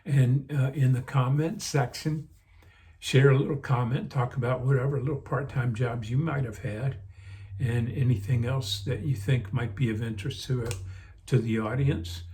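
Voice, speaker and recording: An older man speaking at a middle pitch, reminiscing in a relaxed, meandering way. He stops and restarts often, leans on "um" and "you know", and sounds a little sleepy, yawning between thoughts. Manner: rambling, unhurried, many fillers and restarts. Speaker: vlog host. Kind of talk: casual reminiscing.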